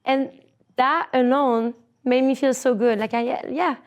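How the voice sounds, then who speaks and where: A woman's voice: high voice, steady tone, measured pace, lo-fi sound. Frank French-accented woman telling a story. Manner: frank and profane, laughs often, drops to hushed asides. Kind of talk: candid personal storytelling.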